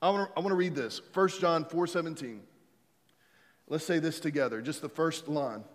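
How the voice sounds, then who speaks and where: A man's voice: a little high, normal speed, long reverb tail. A man preaching a sermon as pastor, emphatic and repetitive, leading the congregation in call-and-response. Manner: emphatic, repeats key phrases, leads the congregation in call-and-response.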